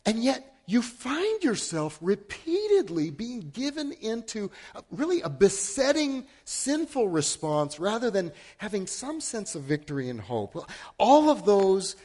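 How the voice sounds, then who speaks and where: Animated high-voiced preacher. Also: male voice, measured pace, husky. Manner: animated, self-deprecating, swings between loud and hushed. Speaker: pastor. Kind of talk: sermon with personal storytelling.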